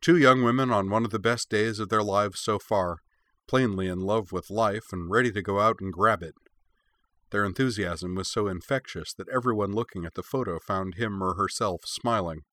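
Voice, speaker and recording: A man narrating a story aloud in a steady, even way. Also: lowish voice, moderate pace, no echo. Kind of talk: reading fan fiction aloud.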